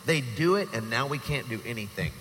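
A man performing a teasing, animated live comedy skit, recorded in an echoey hall. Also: medium pitch, fairly quick. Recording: echoey hall, faint noise.

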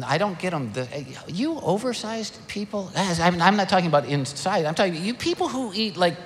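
An older man preaching a sermon, animated and emphatic, firing rhetorical questions. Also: high voice, fairly quick, slight background noise. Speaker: pastor. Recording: long hall reverb.

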